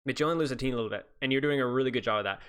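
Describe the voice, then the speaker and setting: A man's voice: mid-range voice, racing, fairly bright tone, smooth. Male coach, live-stream review. Rambling, teasing, restarts often. Mid-range voice.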